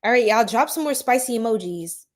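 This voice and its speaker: Giggly woman on a live stream chatting w her viewers, kinda high voice, flustered. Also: lively intonation, brisk. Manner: giggly, flustered, talks straight to chat. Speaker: astrology livestream host. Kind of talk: casual livestream chat with viewers.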